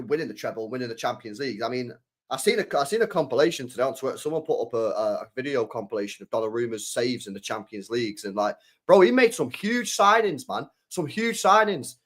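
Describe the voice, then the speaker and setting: A young man talks through football transfer news in a loose, animated rant. His voice sits a little high for a man. He swears freely and stumbles over repeated words as he reacts. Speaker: football fan channel host.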